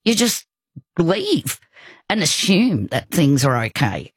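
An older woman, telling a personal story in casual conversation, rambling warmly with restarts and asides. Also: low voice, very animated, slow pace, slightly rough, no room sound.

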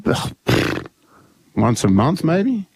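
A man's voice: on the high side, very animated, drawn-out words, vocal fry, a little mellow, husky. A middle-aged Australian man co-hosting breakfast radio, telling rambling stories and laughing at himself. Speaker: radio co-host.

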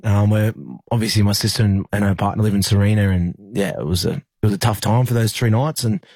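A young Australian man telling a personal story in an interview, halting and full of fillers and restarts. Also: on the low side, fairly even intonation, a little mellow, slightly rough, no echo. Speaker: interview guest, rugby league player.

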